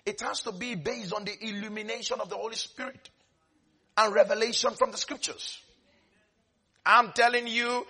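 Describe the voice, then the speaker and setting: A man preaching a sermon with great animation, dropping to soft asides and rising to shouts as he acts out Bible scenes. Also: sits high, a little slow, slightly rough.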